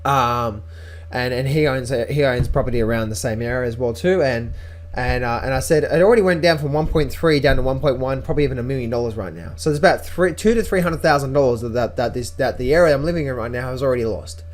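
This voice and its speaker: A man's voice: medium pitch, fast. A man giving a casual market-update vlog as a trader, talking emphatically and often repeating words and restarting sentences.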